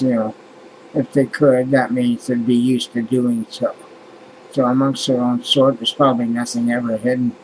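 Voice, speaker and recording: A man's voice: mid-range voice, darkish tone, slight background noise, rough recording. A man musing aloud in a casual vlog monologue, rambling and swearing as he grumbles about things that irritate him. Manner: rambling, profane, exasperated musing. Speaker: vlogger.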